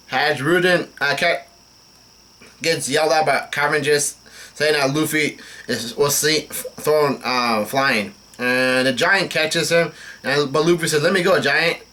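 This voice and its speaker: A young man with a bright, forceful voice pitched a little high talks casually through a comic, reading the characters' lines in a plain tone. He trips over names and keeps stopping with "uh" and "um" before pushing on. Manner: reads dialogue aloud flatly with frequent fillers and restarts. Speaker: manga reaction host. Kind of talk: casual live reading commentary.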